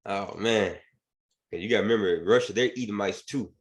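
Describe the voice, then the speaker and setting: A man's voice: fairly low pitch, a little fast. A man teaching scripture and commenting on news in an emphatic preaching manner, often asking "right?". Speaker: bible teacher.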